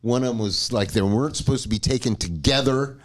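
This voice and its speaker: Speaking at medium pitch and a fairly quick pace, a man co-hosting a podcast spins out a lengthy story. His telling is casual and full of profanity, broken up by his own laughter.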